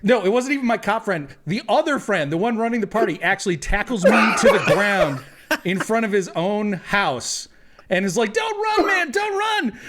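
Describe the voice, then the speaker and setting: A young man telling a funny story to friends in casual chat, animated, laughing as he goes. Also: high-pitched, normal speed, heavy background noise. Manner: animated anecdote with laughing asides and acted quotes. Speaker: tabletop game player.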